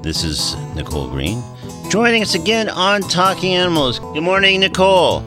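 A man's voice: sits high, very animated, normal speed, over music. A man hosting a radio talk show, friendly and meandering, with frequent fillers as he introduces guests and segments.

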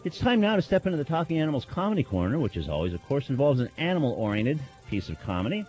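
Lively-voiced male college radio host. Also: medium pitch, fast talker, soft background music. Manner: hesitant, filler-heavy announcing. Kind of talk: college radio talk show hosting.

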